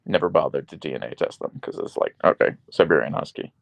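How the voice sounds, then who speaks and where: Speaking quickly with vocal fry, a man hosts a casual stream from his small bedroom, reads out the chat, and coos at his dog in a squeaky baby voice. There's no echo.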